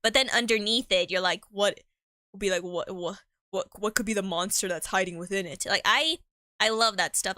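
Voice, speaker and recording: Bright-voiced woman rambling on a stream. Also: mid-range voice, no room sound, studio quality. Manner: rambling, slangy, laughs often. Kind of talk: casual live-stream chat.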